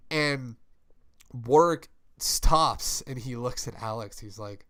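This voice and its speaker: A young adult man in casual chat, rambling and swearing as he pitches a story and acts out its quotes. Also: slow, fairly bright tone. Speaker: podcast co-host.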